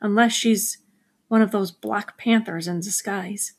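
A woman's voice: medium pitch, fairly even intonation, gravelly. Woman reading a mystery audiobook. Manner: measured storytelling, gives characters quick voices. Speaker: audiobook narrator. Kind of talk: scripted narration.

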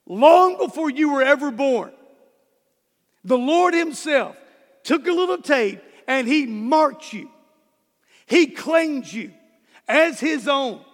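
A man preaches with a strikingly high voice, taking his words slowly and with weight. He hammers home key words by repeating them. His voice rings out with a long reverb, as in a large church hall. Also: lively intonation. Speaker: pastor. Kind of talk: sermon.

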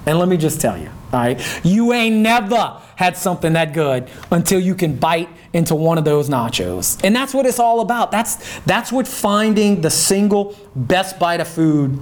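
A man's voice: high voice, big pitch swings, moderate pace, few pauses. A middle-aged man hosting a casual show, folksy and emphatic, often checking in with "right?" and "okay?". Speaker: podcast host. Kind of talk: casual chat.

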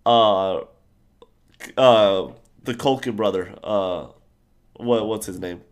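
A young man chatting casually about a TV show, enthusiastic and rambling, with animated outbursts. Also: lowish voice, slow, clean tone.

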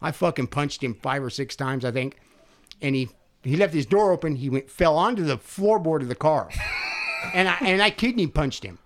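An older man casually telling a profane, animated story on a podcast, acting out the quotes. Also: fairly high pitch, normal speed.

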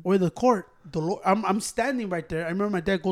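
High-voiced man telling a profane story. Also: fast. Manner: profane, animated, acts out quotes. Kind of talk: casual storytelling among friends.

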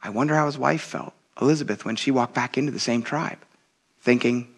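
A man's voice: medium pitch, a little fast, slightly rough. A man in his thirties preaching a sermon, talking conversationally and with animation, addressing the congregation directly as "you guys.". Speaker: pastor.

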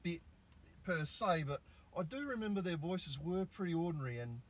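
A man's voice: a little high, expressive, moderate pace, slightly rough. A middle-aged Australian man, co-hosting a podcast in a car, telling stories in a laid-back, self-mocking way. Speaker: podcast co-host. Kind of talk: casual storytelling chat.

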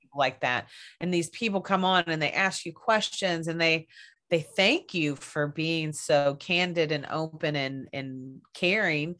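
A woman's voice: low-pitched, a little slow, a bit bright. A woman podcast host in casual chat, candid and laughing often, swearing now and then.

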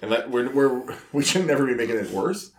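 A man hosting a casual firefighter podcast, talking in a relaxed, rambling way with chuckles. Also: mid-range voice, brisk, echoey room. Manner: relaxed, rambling, laughs between words. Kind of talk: casual chat.

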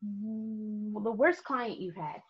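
Animated woman telling stories, husky voice. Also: mid-range voice, takes it slowly. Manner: animated storyteller, laughs often. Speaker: guest photographer. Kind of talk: casual podcast chat. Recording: muffled lo-fi podcast audio.

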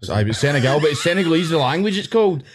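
Scottish man, podcast co-host, animated pitch, excitable, defensive banter. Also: racing. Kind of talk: casual banter.

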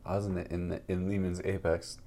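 A man co-hosting a podcast, telling a story in a laid-back, low-key casual chat. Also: level tone, fast, mellow. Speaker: podcast co-host.

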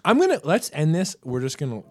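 A man's voice: on the high side, huge pitch swings, fast talker, darkish tone, slightly rough, no room sound. A man co-hosting a podcast, chatting casually and joking loosely, with profanity, while reacting to film clips. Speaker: podcast co-host.

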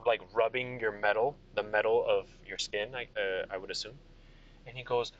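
A man's voice: lowish voice, steady tone, normal speed, long pauses, muffled recording. A young man narrating as game master from inside his car, rambling with fillers and restarts. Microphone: computer or tablet mic.

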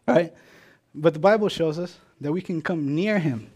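A man giving a relaxed, chatty sermon in a fairly high voice. He keeps tagging his points with "right?" and slips into little acted-out exchanges to make them land. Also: moderate pace. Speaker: preacher. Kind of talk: casual conversational sermon.

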